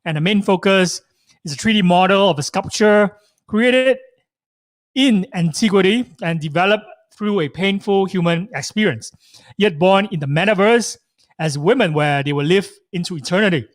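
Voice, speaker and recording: A man's voice: sits high, no echo, clean studio sound. A man hosting a live online interview, giving upbeat, effusive introductions. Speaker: host.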